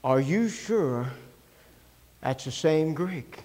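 Brief: befuddled male professor, low and hesitant, as a preacher tells it. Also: lively intonation, very slow, a little mellow, big-room sound. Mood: puzzled. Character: puzzled, defensive male college professor.

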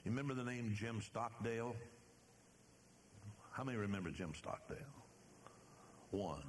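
An older man preaching in a church with a fairly low voice. He reads scripture slowly and with weight, stumbling now and then. A faint room hum sits behind him. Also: animated. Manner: slow, emphatic preaching with fillers and restarts. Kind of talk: sermon.

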